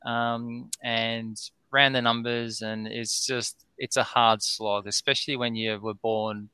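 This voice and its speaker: A man's voice: medium pitch, slow pace, smooth, no echo. A middle-aged Australian man telling a long, rambling story as a guest on a podcast, full of ums and "right?". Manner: rambling, excitable, lots of "um" and "right?". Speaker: distillery founder, guest.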